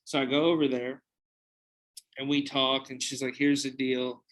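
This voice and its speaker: A man's voice: medium pitch, little pitch movement, normal speed, fairly bright tone, low-quality recording. A young man hosting a podcast, telling a long anecdote in a casual, profane, rambling way with frequent restarts. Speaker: podcast host. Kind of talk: casual storytelling.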